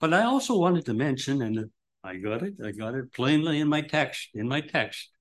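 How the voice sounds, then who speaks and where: A man's voice: big pitch swings, moderate pace. Man preaching with emphatic rises. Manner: emphatic, rises sharply on scripture quotes, then drops low and soft; rambling, with restarts and asides. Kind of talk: sermon.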